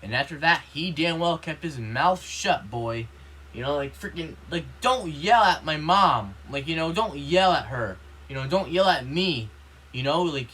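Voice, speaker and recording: A man's voice: on the high side, pushed and bright, slight background noise. A man ranting in a casual vlog, rambling with constant fillers, indignant and swearing when upset. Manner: rambling, heavy use of "you know", repeats himself. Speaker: vlogger.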